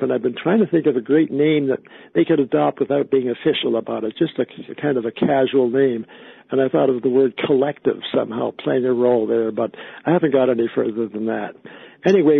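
Male interview guest on the phone: gravelly, halting, dry narrow phone sound. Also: medium pitch, no echo. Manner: halting, with many fillers and restarts. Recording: tinny phone line.

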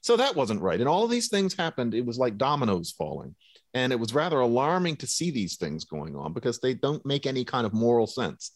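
A man's voice: medium pitch, sing-song, brisk, dry recording, clean studio sound. A man who is a linguistics professor, a guest on a radio show, answering in articulate, analytical, long connected sentences.

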